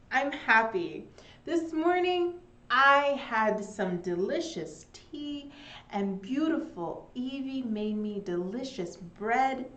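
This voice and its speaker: Young woman English teacher, slow and animated delivery, echoey home room. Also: medium pitch. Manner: slow and animated, with Spanish glosses. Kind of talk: online English lesson.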